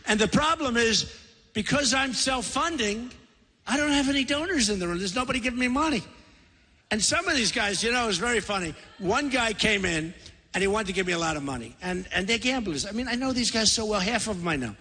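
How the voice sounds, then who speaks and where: A man's voice: sits high, expressive, a little fast, pushed and bright, slightly rough. A man in his sixties giving a boastful, rambling, repetitive campaign rally speech in a large convention center. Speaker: political candidate. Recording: long hall reverb.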